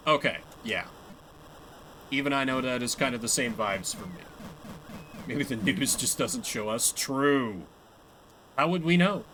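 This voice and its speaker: A man's voice: mid-range voice, a little slow, long pauses, bright, forceful tone, slight background noise, rough recording. A young man chatting casually and laughing at himself while he plays a game live. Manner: chatty, self-mocking, laughs often. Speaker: streamer. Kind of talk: live gameplay commentary.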